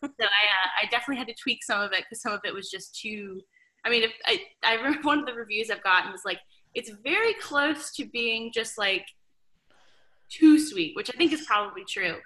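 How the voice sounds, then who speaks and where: Young woman, author guest on a chat podcast; bright tone, chatty and animated. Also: mid-range voice, racing, poor audio.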